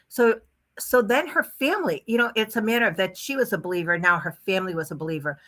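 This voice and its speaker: Bright-voiced chatty woman storyteller. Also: medium pitch, fast talker. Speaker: guest, hypnotist and mentor. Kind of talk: casual podcast storytelling.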